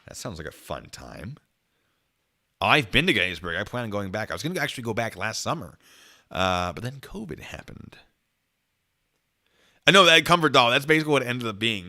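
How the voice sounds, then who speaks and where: A man's voice: mid-range voice, very animated, brisk, pauses often, sharp tone. A man hosting a casual livestream, reading viewer comments aloud in a chatty, jokey way with frequent giggles. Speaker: channel host.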